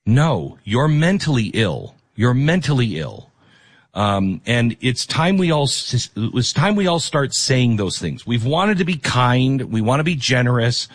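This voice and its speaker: A man's voice: medium pitch, big pitch swings, measured pace. A middle-aged man hosting a talk radio show, speaking in a conversational, rambling way and often restarting his sentences. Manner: conversational, rambling, self-interrupting. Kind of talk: talk radio monologue with live ad read.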